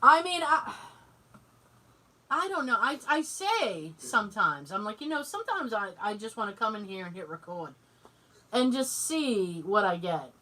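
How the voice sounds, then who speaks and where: A woman in her forties co-hosting a podcast, telling family stories in casual chat, animated, laughing often and swearing freely. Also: medium pitch, normal speed. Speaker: podcast co-host. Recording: distant mic, noisy.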